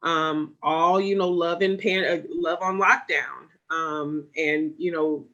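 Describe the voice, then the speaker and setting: A panel moderator wrapping up a live online discussion with a bright, crisp tone. The speech rambles, full of fillers and restarts, at a mid pitch. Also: fairly even intonation, takes it slowly, muffled recording.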